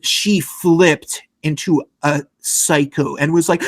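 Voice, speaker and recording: A man's voice: fairly high pitch, steady tone, a little slow, hardly any pauses, a bit bright. A man telling a long, rambling story in casual podcast chat, full of fillers and swearing.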